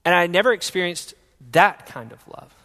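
A young man telling his personal faith testimony in an earnest storytelling way, going from loud to hushed. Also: high-pitched, lively intonation, normal speed, long reverb tail.

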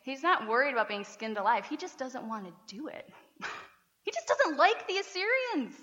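A woman pastor preaching a lively sermon, often laughing and acting out the people she quotes. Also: high voice, moderate pace. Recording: dull sound with long hall reverb.

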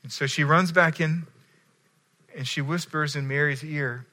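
A man's voice: a little high, fairly even intonation, a little slow, sharp tone. A man preaching a sermon in a conversational storytelling way, often checking in with his listeners. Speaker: pastor.

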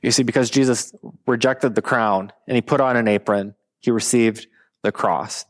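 Guy preaching a sermon, lively storyteller, jokey asides, average pitch. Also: normal speed. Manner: animated storytelling, playful asides. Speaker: pastor.

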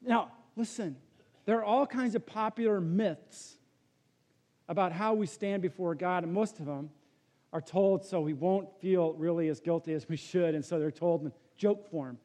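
A man preaching a sermon as pastor, telling a joke story and then dropping to a hushed, earnest tone. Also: high voice, moderate pace. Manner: storytelling with jokes, swings from loud to hushed.

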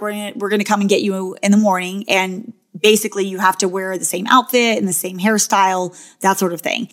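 A woman who was once on a reality show, telling stories in a casual, chatty way, full of "like" and "you know", and acting out quotes in quick bursts. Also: mid-range voice, fairly bright tone. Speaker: former reality show contestant. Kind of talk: casual storytelling.

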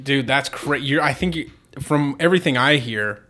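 A man's voice: mid-range voice, normal speed, pushed and bright, a little hiss or hum. A young man co-hosting a podcast in casual chat, mostly giving short reactions and dry comments while his friend talks. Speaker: podcast co-host.

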